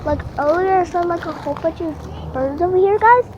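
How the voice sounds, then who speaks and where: A woman vlogging outdoors, gushing excitedly to viewers about the birds she is watching. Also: very high voice, fairly quick, muffled recording. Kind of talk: casual outdoor vlog narration. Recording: noisy outdoor recording.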